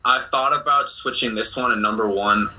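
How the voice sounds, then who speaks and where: A young man co-hosting a casual sports chat, recounting games in a relaxed, matter-of-fact way. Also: mid-range voice, moderate pace, slight background noise, low-quality recording. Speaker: podcast co-host.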